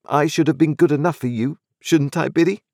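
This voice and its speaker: A man's voice: a little high, fairly quick, a little mellow, no room sound, studio quality, voice pushed up, natural voice. A man voicing an earnest, restless young man in a storybook reading, pleading and impatient. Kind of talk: audiobook character reading.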